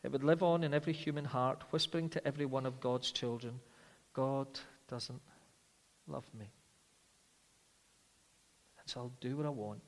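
A man preaching a sermon, earnest, moving between emphatic stress and hushed, slow passages. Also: mid-range voice, fairly even intonation. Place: church. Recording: long reverb of a large hall.

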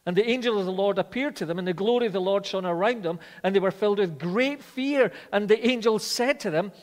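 Man, preacher, high voice, sermon, repeats phrases, slows and softens for emphasis, reverberant church. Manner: reads scripture aloud, repeats phrases, slows and drops softly for emphasis.

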